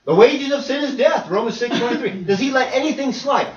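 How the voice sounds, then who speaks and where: Male preacher, animated sermon delivery, swooping lively voice; distant, muffled, echoey recording. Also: extremely high pitch, fairly quick, few pauses. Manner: animated, acts out voices and dialogue. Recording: echoey hall, distant dull mic.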